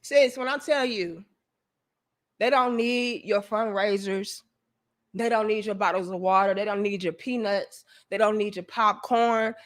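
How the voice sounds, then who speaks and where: A woman's voice: mid-range voice, fairly even intonation, a little slow. A woman hosting a livestream, delivering an emphatic, profane, preachy rant to her viewers. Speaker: livestream host.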